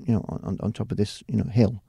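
With a fairly low, creaky, mellow voice edged with breathiness, a middle-aged British TV presenter and producer talks briskly and with fairly even intonation. His casual interview answers ramble, full of restarts and "you know"s, in a clean studio recording with no echo.

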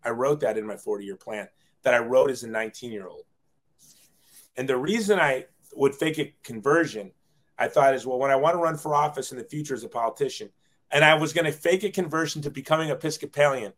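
A man's voice: mid-range voice, fairly quick, fairly bright tone. A man in his forties, a guest telling his life story in a casual, self-deprecating way, often acting out quoted dialogue.

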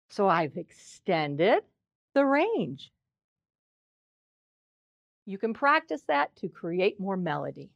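An older woman voice coach giving an expressive presentation talk, demonstrating examples with her voice. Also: on the high side, measured pace, no echo, muffled recording.

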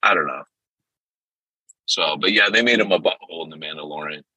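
A man hosting a podcast in casual chat, animated and full of quick impressions. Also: a bass voice, husky, no echo, poor audio. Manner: animated, jumps into impressions and loud exclamations. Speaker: podcast host.

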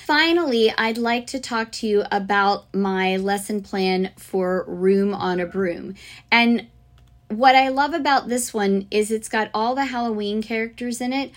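A woman's voice: medium pitch, a little slow. A woman hosting a podcast for music teachers, talking casually and enthusiastically about lesson ideas, with plenty of fillers and restarts. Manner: chatty, enthusiastic, chants rhythms and sings snippets.

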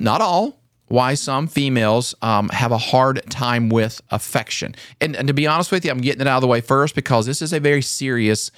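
A man's voice: medium pitch, a bit bright, no room sound, clean studio sound. A man in his forties hosting a podcast in a casual, earnest, conversational way. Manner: earnest, conversational, laughs often. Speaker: podcast host.

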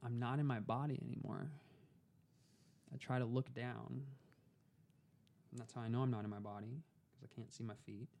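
A young man telling a personal story as a podcast guest, calm and unhurried. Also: medium pitch, gravelly, slight background noise.

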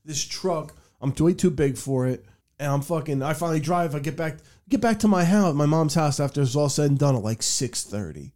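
A man's voice: on the high side, lively intonation, fairly quick, a little mellow. Profane New guy telling stories. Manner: rambling, profane, laughs mid-story. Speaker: podcast host. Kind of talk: casual storytelling chat.

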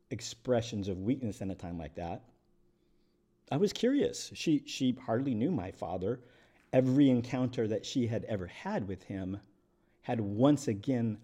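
A man's voice: medium pitch, dark tone. A middle-aged man hosting a podcast, speaking candidly and reflectively in one unscripted take, with restarts and wry chuckles. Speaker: podcast host and attorney.

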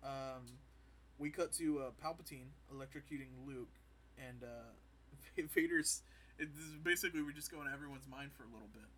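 A man's voice: mid-range voice, a little fast, fairly bright tone, a little hiss or hum, rough recording. A man co-hosting a podcast, casually recapping an episode in rambling stories and acting out quotes. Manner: rambling storytelling, acts out quotes. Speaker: podcast co-host.

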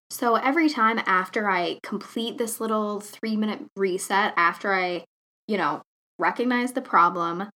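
A woman's voice: mid-range voice, a bit bright. A young woman hosting a solo podcast, talking in an earnest, chatty way with many casual fillers. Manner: earnest, chatty, lots of fillers like "you know". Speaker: podcast host.

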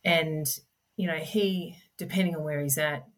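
Low-voiced earnest middle-aged woman. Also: steady tone, a little slow. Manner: earnest, explanatory, gentle. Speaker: podcast guest, parent advocate. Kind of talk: conversational interview.

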